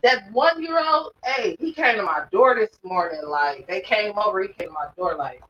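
A woman in her thirties hosts a loose, joking podcast. Her delivery is animated, with wide pitch swings and sudden loud bursts. She sounds distant and roomy, on a dull lo-fi recording with faint hiss. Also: normal speed. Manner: animated storyteller, swings between loud and soft. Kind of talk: casual chat.

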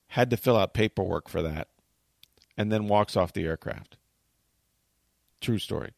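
A man hosting a talk show, telling a long story in animated, chatty fashion and acting out what people said. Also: on the low side, unhurried, vocal fry, pauses often, dry recording, studio quality. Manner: tells long stories, acts out quotes.

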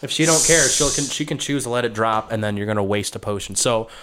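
A man's voice: medium pitch, fast, background noise. A man running a tabletop game as game master, joking and swearing casually. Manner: loose, joking, profane.

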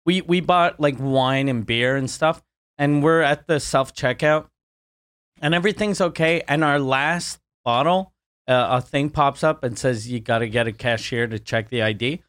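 A man's voice: mid-range voice, moderate pace, fairly bright tone, dry recording, clean studio sound. A man co-hosting a podcast, riffing crudely and joking in casual chat. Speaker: podcast co-host.

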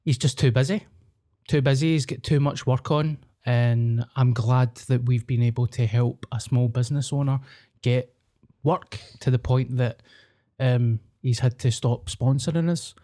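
A man's voice: medium pitch, steady tone, measured pace, dark tone. A man in his thirties with a Glaswegian accent, hosting a podcast in joking, sweary banter with his guests. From Scotland. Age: 30s. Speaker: podcast host. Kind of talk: casual chat.

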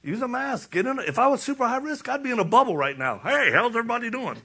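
A middle-aged man giving a sermon-style talk, joking and animated, then urgent and challenging. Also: very high voice, fast. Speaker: speaker.

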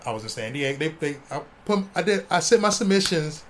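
A man from Ohio in his forties, a comic artist telling stories in a casual interview, animated and swearing freely. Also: a little high, a little fast, a little hiss or hum. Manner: animated, swears, acts out quotes.

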